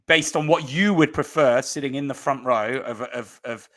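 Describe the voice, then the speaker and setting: A man hosting a casual rugby podcast in a mid-pitched voice. He is chatty and keeps prompting his guests with questions, restarting his phrases as he goes. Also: normal speed, fairly bright tone. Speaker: podcast host.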